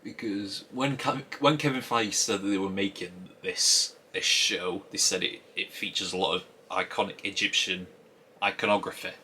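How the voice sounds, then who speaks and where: Low, bright-voiced man musing aloud. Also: fairly even intonation, normal speed, a little hiss or hum. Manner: musing aloud, rambling with frequent restarts. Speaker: TV episode reviewer. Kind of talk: casual spoken episode review.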